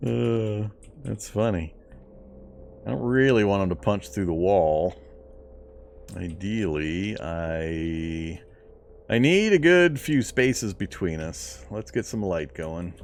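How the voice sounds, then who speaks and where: Low, slow-talking gaming commentator man. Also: a little hiss or hum. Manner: chatty, self-talking, laughs often. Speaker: gameplay commentator. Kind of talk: casual let's-play commentary.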